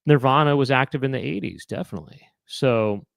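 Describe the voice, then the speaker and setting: A man's voice: medium pitch, fairly quick, gravelly, no room sound, studio quality. A man hosting a live online chat show, musing aloud to viewers in a rambling way, with many fillers and restarts. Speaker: host.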